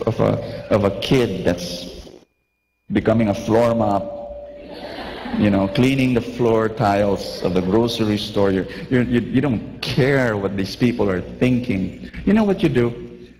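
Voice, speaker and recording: A man preaching a lively sermon, acting out little scenes and asking the crowd questions. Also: medium pitch, big-room sound, a little hiss or hum, low-quality recording.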